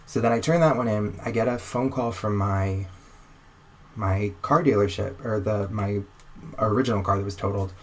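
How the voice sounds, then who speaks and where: Young male guest, low register, lively storyteller who voices the people in his tale, light hiss on the line. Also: moderate pace. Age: young adult. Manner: animated, acts out dialogue in quotes. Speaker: podcast guest. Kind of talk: casual storytelling.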